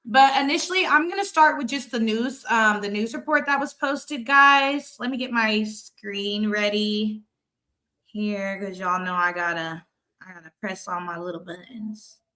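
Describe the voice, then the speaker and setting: A woman's voice: mid-range voice, unhurried, pushed and bright. A woman co-hosting a casual livestream, chatty, greeting viewers by name and running the screen. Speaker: podcast co-host.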